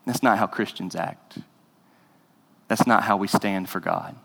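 A man's voice: lowish voice, measured pace, gravelly, fairly bright tone. A man preaching a sermon as pastor, earnest and conversational, rising to emphasis. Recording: reverberant hall.

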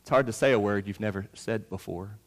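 A man in his thirties preaching a sermon, pushing loud on key points and dropping low between them. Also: a little fast. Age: 30s. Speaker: pastor. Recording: long reverb of a large hall.

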